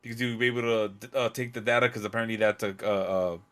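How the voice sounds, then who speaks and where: A man's voice: lowish voice, fairly even intonation, fast talker, fairly bright tone. A man co-hosting a casual chat, laid-back and joking with crude slang. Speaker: podcast co-host. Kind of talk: casual movie recap chat.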